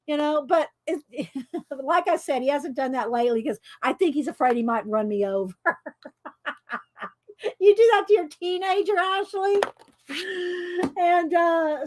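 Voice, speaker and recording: A middle-aged woman with a fairly high voice tells stories in loud, casual chat while she colors. She laughs often and talks over herself, rambling warmly from one story to the next. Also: normal speed. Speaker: coloring video host.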